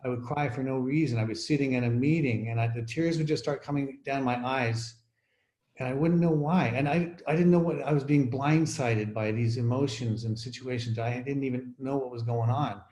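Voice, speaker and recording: A man sharing his own recovery story at an online meeting, halting and reflective with many fillers. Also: medium pitch, a little mellow, echoey room.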